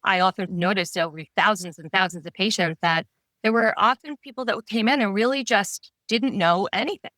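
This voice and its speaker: Bright-voiced Long Island woman doctor. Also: medium pitch, fairly quick, no room sound. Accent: Long Island New York. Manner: articulate, explanatory, laughs easily. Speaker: retired medical oncologist, guest. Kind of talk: podcast interview.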